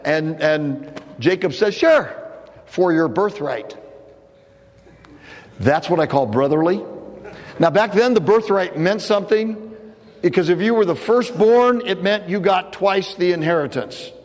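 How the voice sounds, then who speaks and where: A man's voice: high voice, normal speed, a little mellow, big-room sound. A man preaching a sermon, telling a story in a loose, conversational way with frequent restarts. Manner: casual storytelling with repeated restarts. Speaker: pastor.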